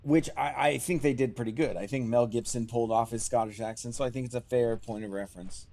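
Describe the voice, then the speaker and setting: A man's voice: medium pitch, fairly even intonation, fast, warm tone. A man livestreaming a game, chatting casually with viewers in a self-deprecating, laughing way, wearing headphones at a desk mic. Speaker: streamer.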